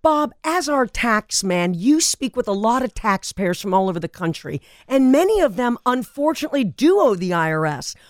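A woman's voice: on the high side, sing-song, moderate pace, few pauses, dry recording, studio quality. A woman hosting a radio talk show, asking her guest questions in an upbeat, emphatic way.

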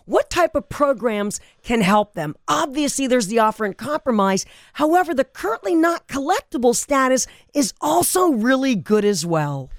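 A woman's voice: high voice, big pitch swings, normal speed, few pauses, no room sound, clean studio sound. A woman hosting a radio talk show, asking her guest questions in an upbeat, emphatic way.

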